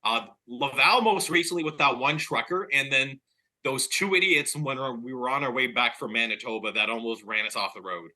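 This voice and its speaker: A man's voice: medium pitch, normal speed, sharp tone. A man who is a podcast guest, chatting casually in a laid-back, joking way. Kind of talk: casual chat.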